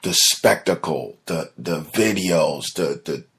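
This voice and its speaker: A man talks through his week on a casual podcast in a deep, slightly husky voice. He tells stories with plenty of energy, then slides into a low, muttering tone when something bothers him. The delivery is loose and conversational, like talking to friends. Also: slow pace. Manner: animated storytelling, drops to a low mutter when upset. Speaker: podcast host. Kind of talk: casual solo podcast talk.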